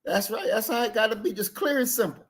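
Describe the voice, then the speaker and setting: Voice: mid-range voice, fast. Fired-up, profane co-host. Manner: profane, fired-up, agreeing in short bursts. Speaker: co-host reacting to a documentary. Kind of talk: casual live-stream chat.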